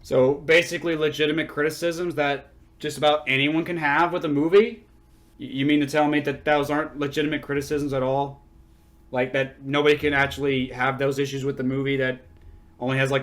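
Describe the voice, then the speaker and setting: A man's voice: medium pitch, level tone, brisk, a bit bright. A man hosting his own channel, delivering an angry, sarcastic, profanity-laced response to a critic. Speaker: channel host. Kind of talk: angry response-video commentary.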